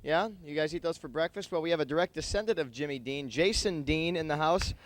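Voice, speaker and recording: Guy emceeing a school talent show, kinda high voice, rambly jokey, handheld mic. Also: fast talker, no room sound. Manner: rambling, playful, lots of fillers. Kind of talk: joking stage emcee patter. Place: high school auditorium stage. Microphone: handheld microphone.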